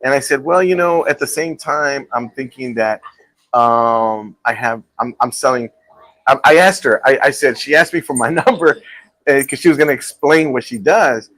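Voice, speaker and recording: A man's voice: mid-range voice, normal speed, a bit bright, low-quality recording. Guy hosting a live show from a restaurant, rambles a lot and laughs at his own stories. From Texas. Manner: rambling storyteller, laughs often. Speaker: show host. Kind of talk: live talk show banter.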